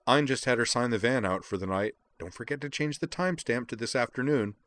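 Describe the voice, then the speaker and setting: A man's voice: medium pitch, a bit bright, dry recording, pitched above the performer's own voice, natural voice. A man voicing an upbeat young woman hacker who narrates what she is doing, reading a story aloud. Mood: brisk. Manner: brisk, running commentary.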